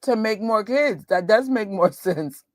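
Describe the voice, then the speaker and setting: A woman's voice: mid-range voice, expressive, a little slow, a little mellow, dry recording, clean studio sound. A woman with a New York accent, chatting casually and laughing with viewers as host of a movie watch party. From New York, USA. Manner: chatty, laughing, quotes voices. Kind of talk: casual chat with live viewers.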